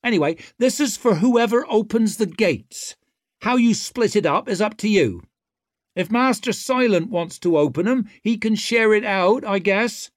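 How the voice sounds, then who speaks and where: A man's voice: high voice, expressive, measured pace, no echo, studio quality, voice pushed up. Man doing a cocky young woman warlord.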